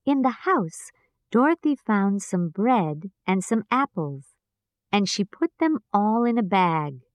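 A woman's voice: medium pitch, sing-song, takes it slowly, no room sound. A woman reading a children's story aloud carefully, as a storyteller. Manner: careful, clearly paced for learners.

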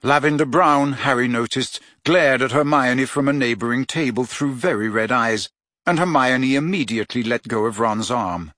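A man reading a children's novel aloud as an audiobook narrator, in a measured storytelling manner. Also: mid-range voice, a bit bright, dry recording, studio quality. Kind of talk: scripted narration.

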